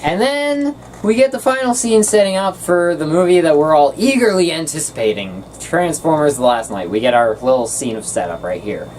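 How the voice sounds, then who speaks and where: A woman hosting a casual film review, talking in an animated, ranting way and quick to get loud. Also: low-pitched, recorded from a distance, noisy background.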